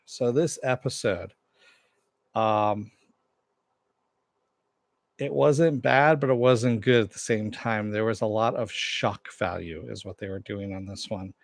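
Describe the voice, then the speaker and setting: A man's voice: lowish voice, slow, gravelly, pauses often, dry recording. A man casually recapping and reviewing a TV episode, rambling with many fillers and restarts. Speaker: TV show reviewer.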